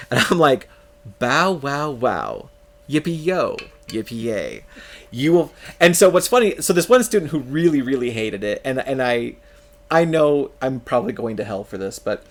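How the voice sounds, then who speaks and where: A man from California, streaming a game and telling rambling, self-mocking stories, laughing often as he talks. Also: medium pitch. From California, United States. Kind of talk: casual storytelling chat on a live stream.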